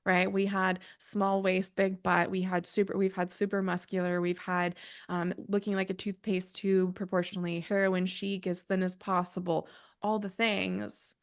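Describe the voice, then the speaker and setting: A woman's voice: lowish voice, little pitch movement, moderate pace, clear, resonant tone. A woman talking earnestly as a podcast guest, thinking aloud, going off on tangents and correcting herself. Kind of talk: conversational podcast interview.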